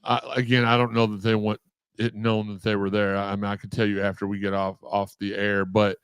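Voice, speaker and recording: A man's voice: fairly low pitch, monotone, brisk, clear, resonant tone, no echo. A man hosting a sports podcast, chatting in a loose, conversational way. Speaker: podcast host. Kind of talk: casual chat. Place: podcast studio.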